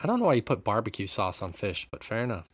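A man's voice: on the low side, very animated, quick pace, slightly rough, no room sound. A man hosting a casual podcast chat, laughing often and steering the segments. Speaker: podcast host.

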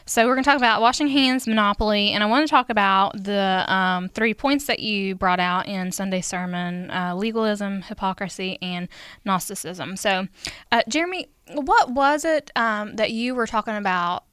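Chatty woman host, bright forward tone, rambling with ums, dry close mic. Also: mid-range voice, moderate pace, clean tone, no room sound. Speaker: podcast host, teacher. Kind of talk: casual chat. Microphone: podcast microphone close to her face.

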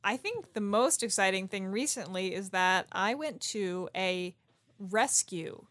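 A woman's voice: medium pitch, expressive, measured pace, a bit bright. A woman guest on a podcast talks in a mid-range voice. She trades playful jokes with the host in easy, casual banter. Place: Seattle area.

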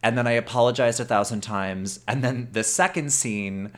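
A man hosting a podcast and chatting casually as an actor about auditions, animated, laughing often and swearing freely. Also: mid-range voice, moderate pace. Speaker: podcast host. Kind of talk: casual chat.

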